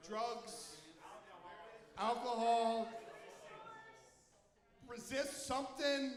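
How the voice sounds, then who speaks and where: Young guy doing stand-up, high lively voice, echoey hall, crowd noise. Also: takes it slowly, long pauses. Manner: animated, self-mocking, jumps into loud silly voices. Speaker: stand-up comedian. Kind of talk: stand-up comedy set. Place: comedy venue with live audience.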